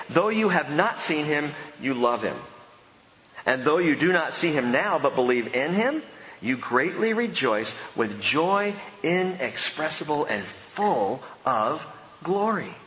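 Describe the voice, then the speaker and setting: A man's voice: mid-range voice, a bit bright, slight background noise. A male pastor preaching a sermon in a church, conversational and emphatic, with casual asides to the congregation. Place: church sanctuary. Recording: echoey hall, dull lo-fi sound.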